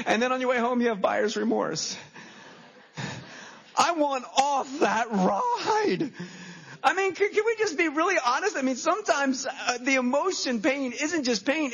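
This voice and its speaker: High-voiced animated pastor preaching. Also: male voice. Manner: animated storytelling, acting out his own reactions. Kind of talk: sermon. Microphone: handheld microphone. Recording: dull lo-fi sermon recording.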